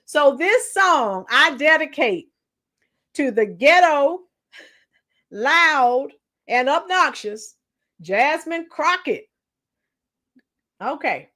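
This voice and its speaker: A woman's voice: high voice, expressive, takes it slowly, long pauses, pushed and bright. A woman in her fifties hosting a casual livestream, chatting with viewers and now and then breaking into song. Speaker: livestream host and schoolteacher. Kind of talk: casual livestream chat reading the chat.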